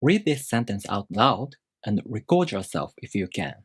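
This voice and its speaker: A man teaching a language lesson in a calm, methodical way, explaining step by step and saying example words aloud. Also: on the low side, normal speed, slightly rough, no room sound, studio quality. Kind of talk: instructional video lesson.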